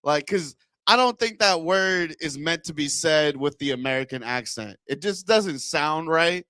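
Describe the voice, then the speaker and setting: A male stand-up comic working the crowd on a handheld mic, his fairly high voice smooth and clear. He rambles through bits and keeps breaking into laughs at his own lines. The sound is close and dry. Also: expressive, measured pace, sharp tone, dry recording. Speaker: stand-up comedian. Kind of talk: stand-up set with crowd work. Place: comedy club stage.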